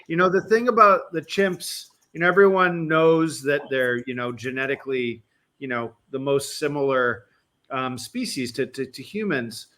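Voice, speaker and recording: A man who rescues chimpanzees speaks in a live remote interview, halting and full of restarts. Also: medium pitch, pushed and bright. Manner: halting, many fillers and restarts.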